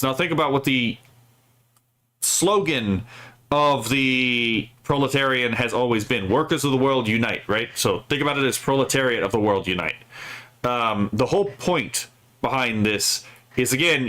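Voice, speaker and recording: Male streamer host, mid-pitched, loose profane commentary with lots of "right?" tags. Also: a bit bright. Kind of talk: casual political commentary.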